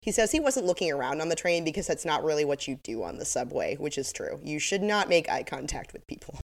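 A woman with a slight lisp co-hosts a casual podcast recap, wryly reading out quotes from her episode notes. She has a low voice and talks fast, very animated.

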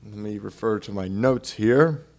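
A young man with a fairly low voice trading sports takes in a relaxed podcast chat. His humor is dry and deadpan, and he ribs his co-host without ever raising his energy. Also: a little slow. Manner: dry, teasing, deadpan pushback.

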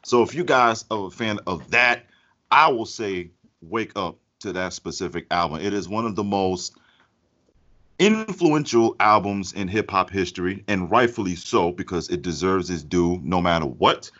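A man talks through a casual podcast chat in a low, bright, forward voice. He rambles and restarts, his pitch leaping around. The recording is somewhat muffled and lo-fi. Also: animated, moderate pace. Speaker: podcast co-host. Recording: muffled lo-fi audio.

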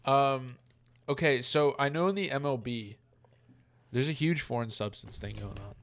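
A man's voice: mid-range voice, normal speed. A man co-hosting a casual chat podcast, talking loosely with lots of fillers and the odd swear word. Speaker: podcast co-host.

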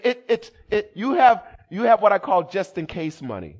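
A male pastor delivers a sermon in a church service with a high voice. His pitch swings widely as he jokes, trades call-and-response lines with the congregation, and shouts for emphasis. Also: moderate pace, hardly any pauses. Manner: animated, humorous preaching with call-and-response. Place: church sanctuary during a service.

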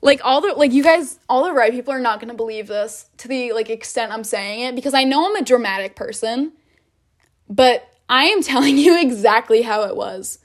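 Speaking a little high and a little quickly, this young vlogger dramatically retells a story in rant form. Her tone is casual, with heavy use of "like" and plenty of swearing.

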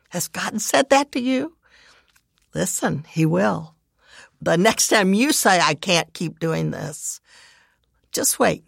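A middle-aged woman giving earnest devotional teaching, reading scripture verses in measured lists. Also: lowish voice, animated, gravelly, husky, dry recording, clean studio sound. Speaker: devotional speaker and parent.

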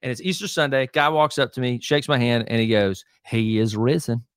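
A man's voice: medium pitch, a bit bright, clean tone, no room sound, clean studio sound. A man who is a lead pastor, talking casually as a guest on a podcast. He teaches with emphasis, often pressing "right?" and "hear me", with fillers and restarts. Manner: many fillers and restarts, quick asides. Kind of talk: casual conversational interview.

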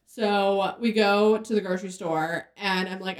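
A woman's voice: medium pitch, fairly even intonation, measured pace, few pauses. A young pregnant woman co-hosting a casual podcast, blunt and swearing freely as she acts out both sides of a story. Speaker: podcast co-host. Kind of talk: casual chat. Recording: echoey room.

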